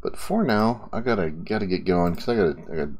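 Male live-coding streamer, low voice with a lively, swinging pitch, rambling and playful. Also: a little fast. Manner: rambling, restarts sentences, playful asides. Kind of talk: casual chat while coding live.

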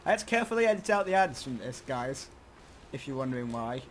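Excitable young man shouting over game noise. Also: medium pitch, fast talker. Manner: excitable, shouts during action. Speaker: gaming video host. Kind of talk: casual game commentary.

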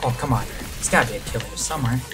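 A man giving excited live commentary on his own gameplay, reacting loudly to the action and muttering to himself between moments. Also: mid-range voice, very fast, over loud music. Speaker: gaming channel host.

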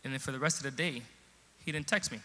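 A male pastor telling a humorous story in a sermon, animated, swinging from quiet asides to loud emphasis. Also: mid-range voice, fast. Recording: long hall reverb.

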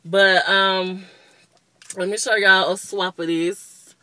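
A woman's voice: medium pitch, level tone, slow, sharp tone, no echo. A woman in her twenties giving a casual, rambling makeup review, openly annoyed and chatty. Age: 20s. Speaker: beauty vlogger.

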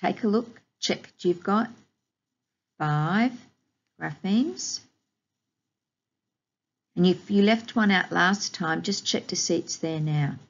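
A woman teaching a recorded phonics lesson to young children, giving slow, clear, encouraging instructions and drawing out each sound. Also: lowish voice, dull audio. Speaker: primary school teacher.

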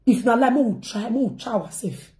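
A woman's voice: fairly high pitch, expressive, brisk, dark tone. A woman with a Nigerian accent talking casually to her viewers in a rambling, repetitive way, mixing in pidgin phrases.

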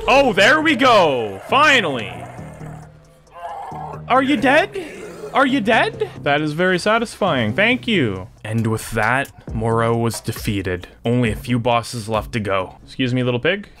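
A young man giving let's play commentary, excitable and taunting the enemies on screen. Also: mid-range voice, unhurried, few pauses, faint music behind. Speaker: gaming YouTuber.

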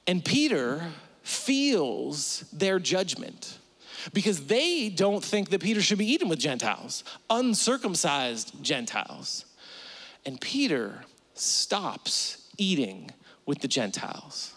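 A male pastor with a fairly high voice preaching in church. He moves between lively, quick acted-out inner voices and a soft, slow prayer tone. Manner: animated, acts out inner voices with sudden pitch jumps. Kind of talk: sermon. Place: church stage.

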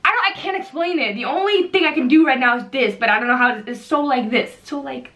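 A young woman from the Netherlands, chatting casually and excitedly in a reaction video, often giggling. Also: high voice, fast talker. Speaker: YouTuber.

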